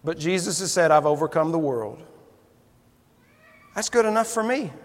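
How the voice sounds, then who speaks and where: A man's voice: a little high, expressive, normal speed. Man, preacher, folksy storytelling sermon, fervent emphasis, long hall reverb.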